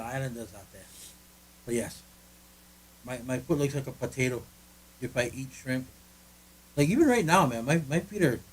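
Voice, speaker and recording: Man, casual podcast co-host, slightly high voice, rambling, joking. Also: low-quality recording. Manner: rambling, joking, frequent restarts. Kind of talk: casual chat. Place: friend's living room in California.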